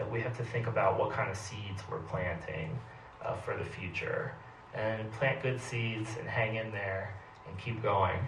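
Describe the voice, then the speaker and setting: A young adult man, an author giving a relaxed, chatty talk in a bookstore. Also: lowish voice, slight background noise. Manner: relaxed storytelling, chatty fillers. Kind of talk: casual public talk. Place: bookstore event space. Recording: distant, roomy live recording with faint ambience.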